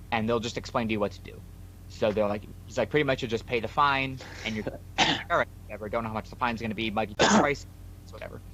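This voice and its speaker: A man's voice: mid-range voice, fairly bright tone, slight background noise. A man co-hosting a podcast, casually retelling a story full of quoted dialogue. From New York. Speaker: podcast co-host.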